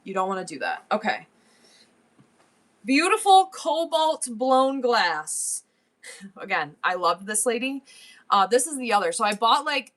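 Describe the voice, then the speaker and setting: A woman in her forties runs a live-stream sale, talking easily as she holds up antiques. Her chat rambles from item to item and she laughs often. Her voice sits at an ordinary middle pitch. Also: fairly bright tone.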